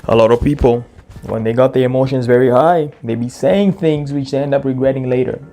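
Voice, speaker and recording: A man's voice: mid-range voice, a little fast, mellow. A man giving casual commentary on a clip, asking rhetorical questions and ending points with "right?". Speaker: reaction video host. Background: faint background music.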